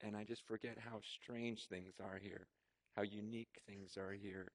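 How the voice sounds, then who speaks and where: A man preaching a sermon to his congregation, telling personal stories in an animated, conversational way with frequent asides. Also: lowish voice, normal speed. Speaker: pastor. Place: church auditorium before a congregation.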